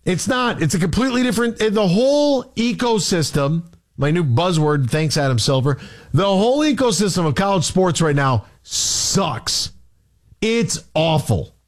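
A fired-up male sports talk host, his voice high for a man and swinging widely as he vents. He fires off rhetorical questions and repeats his points with exasperation. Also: lively intonation, moderate pace. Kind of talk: heated opinion rant.

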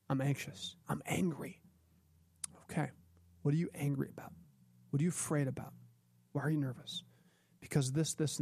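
Podcast host, male, gravelly and husky, earnest coaching delivery, dry close sound. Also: on the high side, no echo. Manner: earnest, coaching, acts out calm parent lines. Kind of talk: parenting advice talk.

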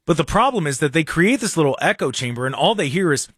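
Animated sarcastic man on talk radio. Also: a little high, fast talker, slightly rough, no echo, clean studio sound. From Ohio. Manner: animated, sarcastic, mocking asides. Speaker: radio talk show host. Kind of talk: casual political talk radio.

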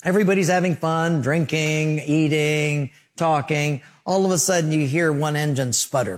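A man's voice: on the high side, normal speed, hardly any pauses. A male pastor preaching a sermon, telling stories and acting out scenes and sound effects.

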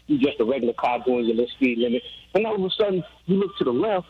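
A man's voice: mid-range voice, big pitch swings, fast, background noise. A chatty man calls in to a radio show and tells a story at an easy, casual pace. His voice comes through a dull, muffled line. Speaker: caller. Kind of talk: phone-in storytelling.

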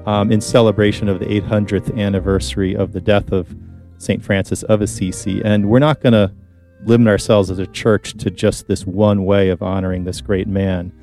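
A man hosting a Catholic radio talk show, relaxed and using frequent fillers. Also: lowish voice, normal speed, faint music behind. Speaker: host. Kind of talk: conversational Catholic radio chat.

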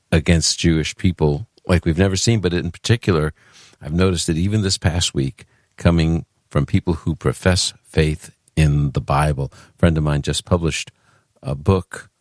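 A man's voice: rumbling low, measured pace, no room sound. A man from Brooklyn with a New York accent, hosting a Christian call-in radio show in a chatty, earnest way with frequent restarts. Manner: chatty, self-interrupting, earnest.

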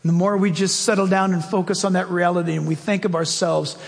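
A pastor delivering a sermon in a church, his fairly high voice carrying through a long, ringing hall reverb. He preaches in an animated, storytelling way, jumping up and down in pitch as he acts out his points. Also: quick pace, vocal fry.

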